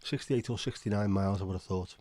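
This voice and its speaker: A low-pitched man chatting casually on a livestream and reading viewers' comments aloud. He swears freely and reacts with incredulous asides. The sound is dry and close, with no room echo. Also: fast, darkish tone. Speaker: livestream host.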